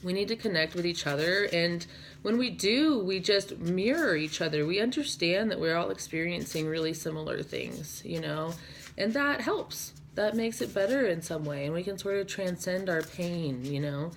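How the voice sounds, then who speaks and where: A woman's voice: on the low side, expressive, moderate pace, a little hiss or hum. A young woman giving a casual tarot reading to her viewers, rambling and dreamy, full of "like" and "you know". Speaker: tarot reader.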